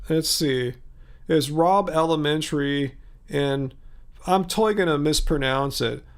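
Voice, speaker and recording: A tired man in his fifties hosts a casual livestream, rambling as he replies to viewers' comments by name. His voice is on the high side and his pace a little slow.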